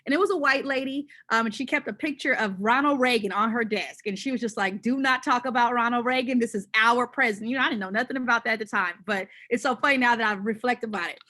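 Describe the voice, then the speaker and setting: A woman from Southern California, a panelist telling a personal story in an animated, conversational way with many fillers and restarts. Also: fairly high pitch, quick pace, few pauses.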